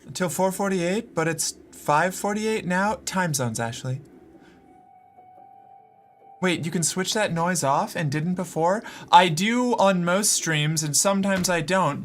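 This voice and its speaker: A man's voice: a little high, fairly bright tone. A man streaming live from home, chatting casually with his viewers in a sarcastic, exasperated way and swearing now and then. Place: home room.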